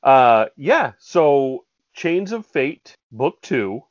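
A man's voice: medium pitch, very animated, drawn-out words, no room sound, lo-fi sound. A man in his thirties co-hosting a casual podcast, chatty and jokey, stumbling now and then as he reads aloud. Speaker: podcast co-host.

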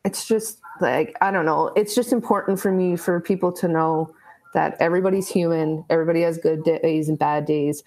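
A woman's voice: low voice, steady tone, normal speed, darkish tone, poor audio. A woman teacher, a guest on a podcast, chatting casually and laughing often between her points. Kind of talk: casual interview chat.

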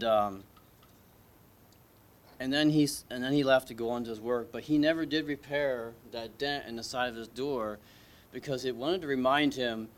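A man preaching an informal sermon at a church service, talking in a conversational, hesitant way with many restarts and questions to the congregation. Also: mid-range voice.

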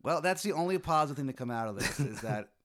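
A man's voice: medium pitch, expressive, fast talker, a bit bright. A man talking as a podcast guest, playfully going along with a hypothetical and swearing freely. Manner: playful, profane, plays along. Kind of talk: casual chat.

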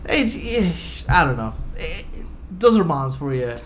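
A man's voice: medium pitch, big pitch swings, normal speed, fairly bright tone, slight background noise. A man co-hosting a podcast in casual chat, laid-back and chiming in briefly. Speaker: podcast co-host.

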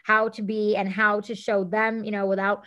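A woman in her thirties, a guest on an interview show, telling stories in a lively casual way and acting out what people said. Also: medium pitch, normal speed. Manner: animated, acts out quotes, says "like" often. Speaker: guest, celebrity stylist.

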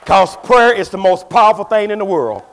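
High-voiced man preaching with fervor. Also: expressive, normal speed. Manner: emphatic preaching, swings between shouting and hushed storytelling; drives points home by repeating phrases. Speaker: pastor. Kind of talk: sermon.

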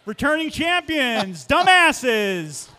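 A man's voice: extremely high pitch, sing-song, slow, sharp tone. A man co-hosting a live pub trivia night, upbeat as he rattles off team scores. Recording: live pub with long reverb.

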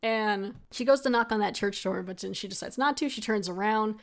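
A woman's voice: mid-range voice, brisk. A woman hosting a podcast, chattily recapping an episode, laughing often and acting out the characters' lines. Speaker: podcast host.

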